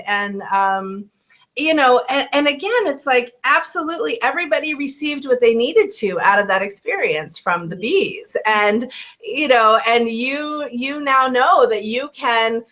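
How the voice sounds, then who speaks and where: A woman, a life coach, speaks as a guest in a thoughtful, earnest way, often restarting her phrases. Her voice is fairly high and bright. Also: lively intonation, measured pace. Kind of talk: reflective conversation.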